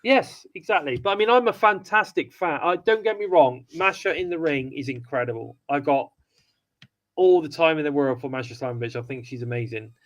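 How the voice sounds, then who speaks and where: A man's voice: a little high, brisk, a bit bright, low-quality recording. A man co-hosting a wrestling review podcast, chatting casually and rambling with many restarts. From United Kingdom. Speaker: podcast co-host.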